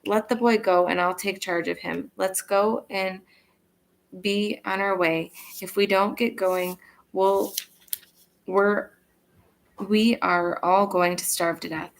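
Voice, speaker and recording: A woman reading the lines of a determined grown brother who vows to protect his sibling, in an earnest, steady reading voice. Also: mid-range voice, takes it slowly, gravelly, slight background noise, low-quality recording. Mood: pleading.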